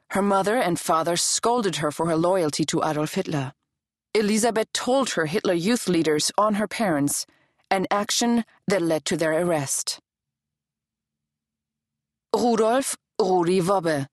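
Lady reading a nonfiction audiobook, steady pace, dead dry studio sound. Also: fairly low pitch, no echo. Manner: measured, even reading. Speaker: audiobook narrator. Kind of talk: scripted narration.

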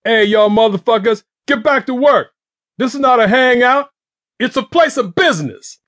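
A man's voice: on the low side, animated, normal speed, no room sound, clean studio sound. A man voicing a hard-edged adult drug boss who barks profane commands. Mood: yelling.

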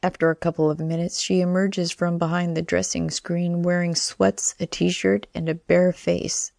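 A woman's voice: lowish voice, little pitch movement, moderate pace, gravelly, darkish tone, no room sound, studio quality. A woman reading a first-person audiobook narration in a wry, sardonic manner.

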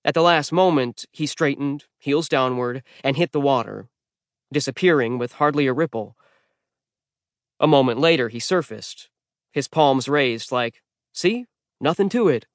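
A man reading first-person audiobook narration in a wry, deadpan, conversational way on a close studio mic. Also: medium pitch, a little slow, no room sound. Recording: dry studio recording.

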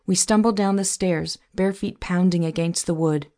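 A woman reading a novel aloud in measured, scripted first-person narration. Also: lowish voice, steady tone, warm tone. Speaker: audiobook narrator.

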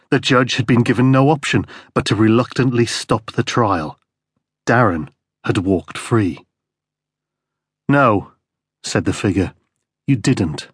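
A man reading a crime thriller audiobook as narrator, in steady, grim storytelling. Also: medium pitch, husky, dry recording, clean studio sound. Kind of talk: scripted narration.

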